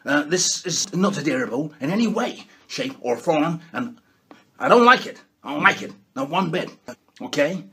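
A man's voice: fairly high pitch, big pitch swings, normal speed, a bit bright, breathy edge, full character voice. A man doing a brash bragging leader impression. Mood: bossy. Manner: bragging, bossy, repeats "okay?". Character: brash boastful male world leader impression.

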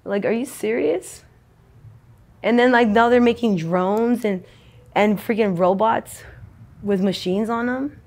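A woman's voice: mid-range voice, a little slow, pauses often, a little mellow. Young woman, slangy and rambling. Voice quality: slangy, profane, rambling talk. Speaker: interviewee. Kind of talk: casual street interview.

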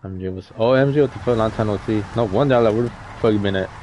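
A man's voice: on the low side, fast talker, a little mellow, slight background noise. Young man hosting a game stream. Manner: loose slangy banter, calling players by name. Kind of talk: casual live-stream commentary.

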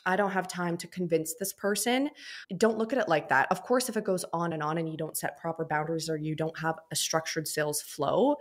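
A young adult woman, a business mentor and podcast guest, talking in a chatty, animated way and slipping into little voices for anecdotes. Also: on the low side, a little fast. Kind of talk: casual interview talk.

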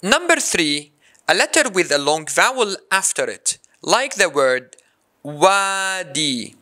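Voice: mid-range voice, very animated, slow pace, sharp tone. A language teacher giving a recorded lesson, saying each example word twice and then explaining it.

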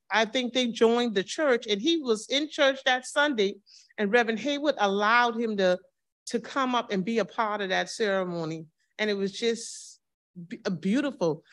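A woman in her fifties, a church member, telling personal memories of her pastor and acting out the dialogue with laughs. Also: medium pitch. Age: 50s. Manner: warm storytelling, acts out dialogue with laughs. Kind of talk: personal testimony at a reading circle.

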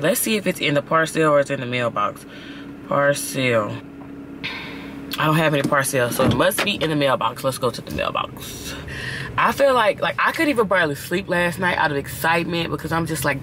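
A young woman talking casually to her camera, excited, slangy and swearing, with loud bursts and laughter. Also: low voice, a little fast, background noise. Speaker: vlogger. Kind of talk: casual vlog chat to camera.

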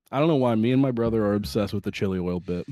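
A man's voice: lowish voice, animated, fast, warm tone, no room sound. A man in casual banter while gaming on a live stream, chatty and jokey, laughing at his own jokes.

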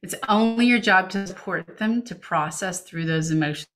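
A woman's voice: mid-range voice, normal speed, a bit bright. A woman presenting a parenting webinar over a video call. She coaches parents in a reassuring way and reads questions from the chat aloud. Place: home setup, remote webinar. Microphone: computer mic on video call.

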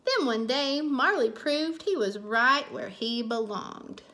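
A woman reads a children's picture book aloud, taking her time with every line. Her voice sits high and bright, and she leans into the story expressively. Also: expressive, takes it slowly. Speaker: read-aloud narrator.

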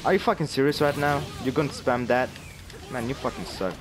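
A man giving live commentary while playing a fighting game, cursing constantly and swinging from low muttering to angry yelling. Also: fairly quick, noisy background. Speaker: gamer.

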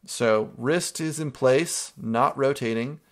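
A man with a gravelly, creaky edge to his voice, pitched at an ordinary middle height for a man. He talks a class through a drawing exercise one step at a time, stopping often to check in with an "okay?". It sounds like a teacher's screen-recorded tutorial. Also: takes it slowly. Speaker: art teacher.

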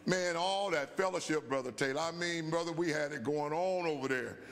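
A man in his seventies, a bishop, telling a folksy, animated story at a Bible study, often saying "man" and "guess what.". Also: a little high, normal speed. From USA. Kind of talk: storytelling sermon. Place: church sanctuary. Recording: church hall with long reverb.

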